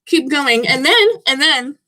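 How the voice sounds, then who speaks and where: A young woman talks straight to camera in a loose, rambling vlog chat, her voice sitting high. She drops swear words freely and keeps a skeptical, offhand edge as she goes. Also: animated, unhurried, pushed and bright. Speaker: vlogger. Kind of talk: casual chat.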